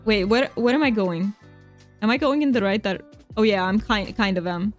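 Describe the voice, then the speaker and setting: A woman's voice: medium pitch, normal speed, faint music behind. A woman from Romania chatting with viewers while she streams a game. She plays up her Romanian accent for fun, talks kindly to chat and laughs easily. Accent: Romanian, played up for fun. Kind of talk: casual live-stream chat while gaming.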